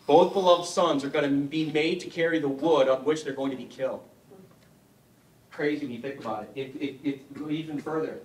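A middle-aged man giving a conversational teaching talk at a parish adult education evening, humorous and often putting questions to the audience. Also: a little high. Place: parish hall. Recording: echoey hall, mic far off.

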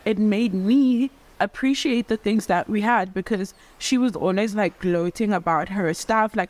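Young woman, vlogger, chatty, theatrical, mid-pitched voice. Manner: theatrical, talks with her hands; chatty, full of "like" fillers. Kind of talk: casual reflective vlog talk.

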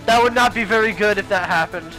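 A man's voice: high-pitched, brisk, pushed and bright, soft background music, low-quality recording. A young man commentating his own gameplay as a let's play host, exasperated and exclaiming at the game.

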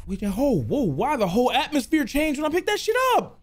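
A man playing a horror game and commenting, excitable, cursing, shouting, then muttering to himself. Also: high voice, moderate pace, vocal fry, hardly any pauses. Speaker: gaming YouTuber.

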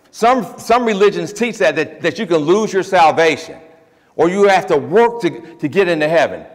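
A man preaching a sermon as pastor, emphatic and lively with joking asides, then leading a closing prayer. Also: fairly high pitch. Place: church sanctuary. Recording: long reverb of a church hall.

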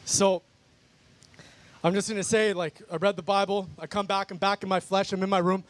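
This guest speaker's high voice shows little pitch movement, and he keeps a moderate pace with no echo. Preaching his testimony fervently to a worship crowd outdoors in a park, he is emphatic and repetitive, often calling everyone "guys."

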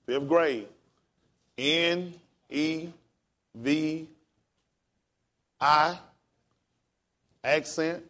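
A pastor teaching a class in a casual, encouraging way, spelling words out letter by letter. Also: male voice, fairly high pitch, extremely slow, long pauses, fairly bright tone.

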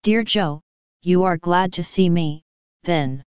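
A mischievous young husband, full of teasing good cheer, as a woman puts him on in a storybook reading. The voice is low-set and very smooth, close and dry, with slightly dull sound. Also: slow, no room sound. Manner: teasing, playful.

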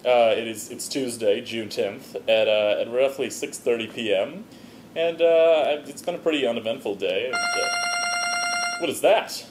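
A man hosting a comedy vlog, stammering and tripping over restarts in a mock-excited way. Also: medium pitch, normal speed, noisy background. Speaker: blog host.

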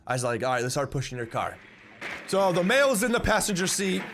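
A man's voice: high voice, big pitch swings, fairly quick, noisy background. A young man telling a story in a casual, rambling way, often repeating words and swearing bluntly. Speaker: vlogger.

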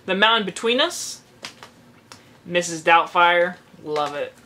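A vlogger reading out a long list of titles in a casual way, with quick offhand and self-mocking asides. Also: mid-range voice, lively intonation, sharp tone, slight background noise. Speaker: vlogger showing a movie collection.

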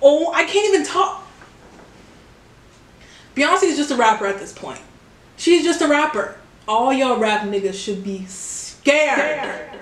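A woman's voice: high voice, lively intonation, measured pace, pauses often. A young woman reacting to music in a vlog, exclaiming, swearing and cheering along. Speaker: reaction video creator. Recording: echoey room, faint music behind. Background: music playing from a speaker.

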